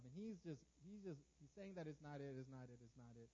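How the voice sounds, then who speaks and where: A man preaching a storytelling sermon to a congregation, animated, swinging from loud outbursts to hushed lines and often stammering and repeating words. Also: on the high side, fast talker, lo-fi sound.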